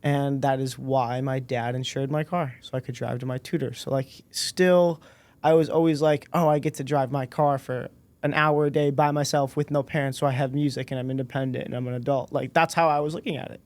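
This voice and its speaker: A man in his twenties, a podcast guest, telling a personal story in a relaxed way and acting out the dialogue. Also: mid-range voice, brisk. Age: 20s. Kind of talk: casual storytelling interview.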